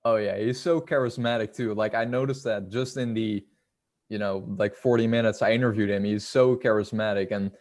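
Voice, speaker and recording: A man's voice: fairly low pitch, steady tone, moderate pace, darkish tone. A man hosting a casual interview, upbeat and affirming. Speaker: interview host.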